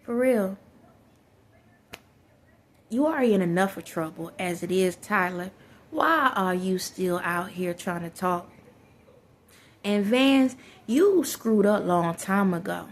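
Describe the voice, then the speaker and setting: A woman talks casually to her viewers in a rambling vlog rant. She circles back on her own points and often breaks into laughter. Her voice sits at an ordinary middle pitch. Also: animated, slow, pauses often. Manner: rambling, repetitive ranting with frequent laughter; colloquial, addresses viewers as y'all. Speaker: vlogger.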